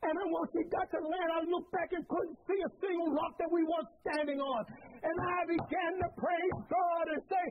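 A middle-aged male preacher with a very high voice delivers a sermon in a storytelling way. He repeats his phrases and rises to shouts. The sound is thin and tinny, like a phone line. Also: flat delivery, moderate pace.

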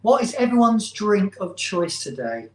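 A woman's voice: medium pitch, very animated, measured pace. A woman co-hosting a live stream, chatting casually, greeting viewers and sipping wine. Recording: echoey room.

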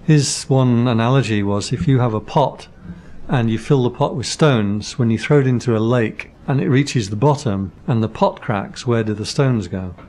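A man speaks as a monk guest on a podcast, his voice sitting at an ordinary middle pitch. He lays out ideas patiently with simple analogies and slips in dry jokes. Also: moderate pace, a little mellow. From Britain. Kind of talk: casual podcast conversation.

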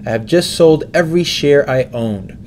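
A man voicing a pushy, impatient male tipster who talks briskly and insistently. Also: fairly high pitch, lively intonation, a little mellow, slight background noise, close to an everyday voice.

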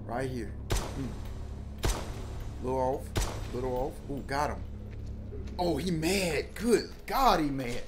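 Excitable man yelling through a game. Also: medium pitch, takes it slowly, long pauses. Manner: excitable, yelps and shouts at enemies. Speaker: gaming video host. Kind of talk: casual gameplay commentary. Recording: noisy game capture.

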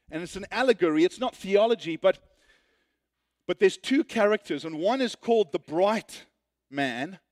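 A man preaching a sermon as pastor, telling stories earnestly and dropping to a hushed tone to make his point. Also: high voice, no room sound, clean studio sound. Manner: earnest storytelling, rising then hushed.

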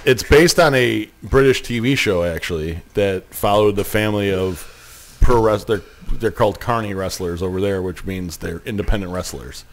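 A man co-hosting a podcast in casual chat, calmly explaining. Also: lowish voice, moderate pace. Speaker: podcast co-host.

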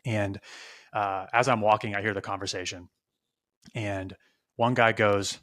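Low-pitched guy telling stories on a podcast, gets loud and animated, swears a lot. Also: fairly quick. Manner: animated, profane, trailing restarts. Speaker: podcast co-host. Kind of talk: casual storytelling chat.

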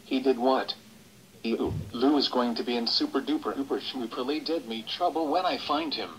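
A man's voice: medium pitch, moderate pace, natural voice, low-quality recording. A male text-to-speech voice playing a stern cartoon doll who scolds and threatens. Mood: scolding.

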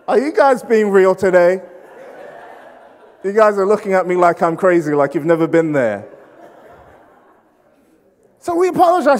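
This British preacher, with a British English accent, entertains his congregation with humorous sermon stories, animatedly acting out quoted voices and joking along. He is a man from Britain with a high voice, a moderate pace and long pauses, and the sound carries a long hall reverb.

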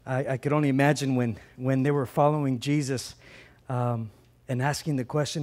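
A man preaching a sermon as a pastor, conversational and animated, often repeating words and swinging between loud emphasis and soft asides. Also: mid-range voice, normal speed.

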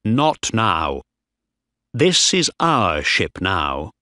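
A man's voice: low voice, big pitch swings, very slow, bright, forceful tone, no room sound, studio quality, exaggerated voice. A man voicing a young male ship officer, desperate and defiant, who speaks firmly. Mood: commanding.

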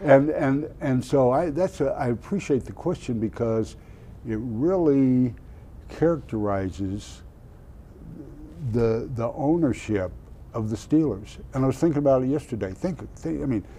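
With a medium-pitched voice and a slightly slow pace, a former football player from Oklahoma, now older, shares animated stories in an interview and laughs at himself. There's a little hiss or hum in the recording.

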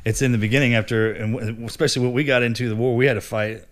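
A man hosting a podcast, chatting casually with quick, joking interjections. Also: mid-range voice, steady tone. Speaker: podcast host. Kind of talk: casual chat.

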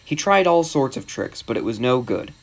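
A man narrates a children's storybook in a steady, measured way. His voice sits at an ordinary middle pitch for a man. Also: gravelly.

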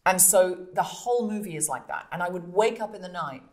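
A woman comedian and podcast host telling stories in an interview, animated and acting out scenes with voices. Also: on the low side, brisk. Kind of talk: storytelling interview.

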